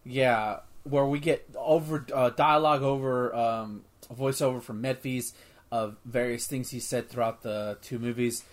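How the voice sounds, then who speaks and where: A man hosting a casual movie review podcast, talking in an excitable, rambling way with frequent swearing and restarts. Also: mid-range voice, a little slow. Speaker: podcast host.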